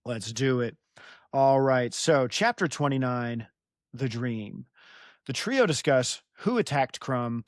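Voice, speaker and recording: A young American man with a dry, close sound hosts a casual book podcast. He rambles and pokes fun at himself, laughing often as he recaps chapters. His voice sits at an ordinary middle pitch. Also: animated, no room sound. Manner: rambling, self-deprecating, quick to laugh. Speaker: podcast host.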